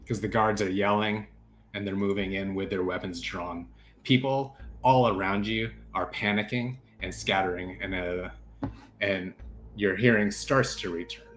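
A man narrating as game master of a tabletop game, halting with many fillers and restarts. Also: deep voice, steady tone, fairly bright tone, soft background music.

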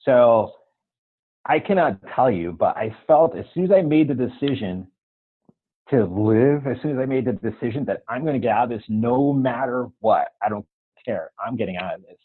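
An interview guest recounts his life story, earnestly acting out dialogue and repeatedly asking "right?" His medium-pitched voice is husky and expressive at a normal pace, with narrow, tinny audio.

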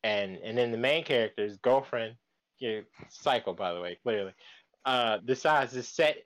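Man, podcast co-host, casual chat, slangy, cussing, mid-pitched voice. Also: normal speed, fairly bright tone. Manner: slangy, profane storytelling.

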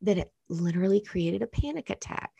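A woman in her thirties, a mother, telling a personal story in casual chat, earnest and animated, with many fillers. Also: medium pitch, brisk, creaky, husky, no room sound, dull audio.

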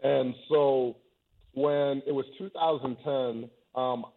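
A man born in England, a guest telling stories in a relaxed, soft-spoken way over a video call. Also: medium pitch, slow. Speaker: interview guest, travel YouTuber. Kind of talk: casual remote interview. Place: high-rise home in a city. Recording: tinny phone-like call audio.

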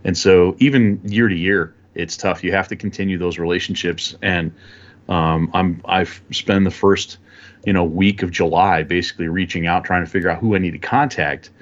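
A man talking as a guest in a relaxed, rambling way with many fillers. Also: low voice, normal speed, lo-fi sound. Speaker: guest photographer. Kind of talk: casual interview chat.

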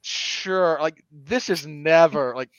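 A man with a fairly high voice chats through a film review, and his talk is animated and opinionated. The audio is dry and close, with a dull lo-fi edge. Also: slow pace, clear, resonant tone, dry recording. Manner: animated and opinionated, with sudden emphatic jumps. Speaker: podcast co-host. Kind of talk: casual film review chat.

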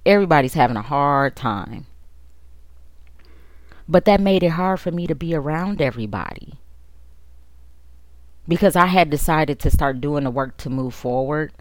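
A woman's voice: low-pitched, animated, no room sound, studio quality. A woman podcast host candidly recounting a personal story in an emotional, conversational way. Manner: candid and emotional, with quick asides.

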